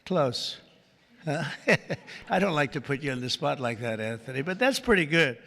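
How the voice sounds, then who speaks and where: Gravelly man speaking in a big hall. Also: fairly high pitch, animated, moderate pace, fairly bright tone. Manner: rambling, jokey asides between formal introductions. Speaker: speaker introducing executives at a press conference. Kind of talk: off-the-cuff press conference remarks. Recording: long reverb of a large hall.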